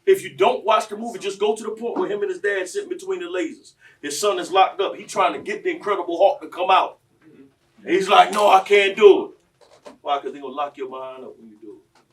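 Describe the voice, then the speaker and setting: A man, telling stories on a panel in a preachy, impassioned way that swings between quiet and loud. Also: sits high, fast, recorded from a distance. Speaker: panel speaker.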